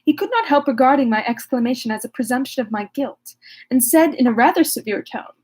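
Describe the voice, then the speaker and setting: A woman's voice: high-pitched, expressive, a little fast, a little mellow, breathy edge. A woman reading a classic novel aloud, breaking off now and then for wry, joking asides. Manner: wry asides, laughs at herself. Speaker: reader.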